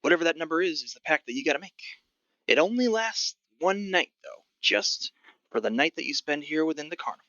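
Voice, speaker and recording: A man voicing a gruff, hairy old goblin who sells tickets and haggles curtly. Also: fairly high pitch, lively intonation, brisk, sharp tone, no room sound, highs cut off, voice pushed up. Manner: curt, stubborn, haggling.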